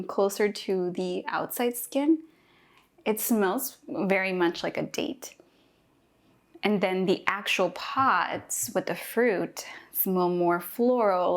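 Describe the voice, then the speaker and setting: A young woman from Mexico, chatty and excited, thinking aloud while tasting a fruit for a food vlog. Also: medium pitch. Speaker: cooking vlogger. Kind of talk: casual first-impressions tasting vlog.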